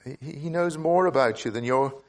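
Earnest male preacher, halting repeats. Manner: earnest, repeats words while thinking aloud; pitch jumps up for emphasis. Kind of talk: expository sermon.

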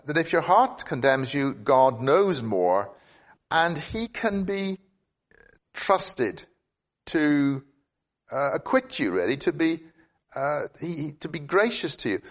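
Preaching an expository sermon, an earnest man thinks out loud, frequently restarting and repeating words, and punctuates points with abrupt upward leaps in pitch.

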